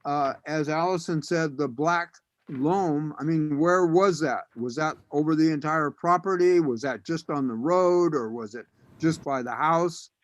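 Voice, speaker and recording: A man's voice: a little high, a little slow, lo-fi sound. Skeptical man questioning at a public meeting. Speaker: archaeologist commissioner.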